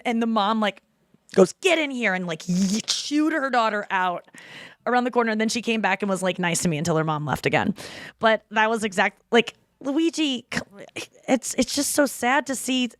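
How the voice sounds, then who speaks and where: A woman hosting a podcast in casual chat, telling stories with lively acted-out voices. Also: medium pitch, no room sound, studio quality. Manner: animated storytelling, acts out voices. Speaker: podcast host.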